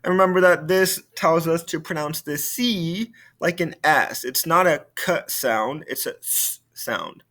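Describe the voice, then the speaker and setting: A man's voice: fairly high pitch, measured pace, hardly any pauses, sharp tone. Man teaching a recorded French lesson. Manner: explaining patiently, repeats key points.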